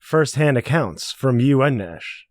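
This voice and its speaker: A man's voice: mid-range voice, animated, a little slow, no echo. A man co-hosting a podcast, speaking in a dry, matter-of-fact way. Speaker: podcast co-host. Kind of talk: casual chat.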